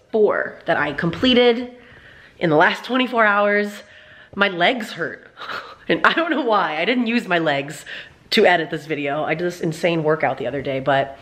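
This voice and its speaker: A woman's voice: on the low side, fairly bright tone. A young woman vlogger chatting casually and rambling, with lots of filler words. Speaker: YouTube vlogger. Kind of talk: casual pop-culture recap chat.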